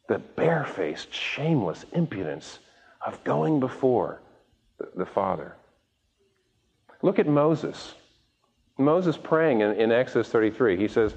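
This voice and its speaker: A male preacher delivers a sermon with a wide-ranging, animated voice, often repeating a word as he restarts. He acts out the voices of the people he quotes. The recording is dull and muffled, with long reverb from a large hall. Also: mid-range voice, measured pace, slightly rough. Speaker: pastor.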